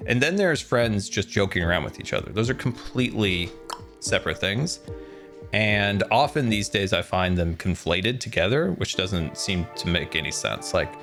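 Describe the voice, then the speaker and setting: A man's voice: deep voice, expressive, moderate pace, fairly bright tone. A man streaming a game, chatting casually and rambling, self-deprecating, with many fillers. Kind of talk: casual game livestream chat. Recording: music playing behind the voice.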